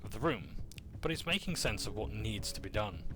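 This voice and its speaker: A man's voice: lowish voice, sing-song, normal speed. A man casually recapping a tabletop game session, joking and correcting himself as he goes. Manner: casual, with fillers, jokes and self-corrections.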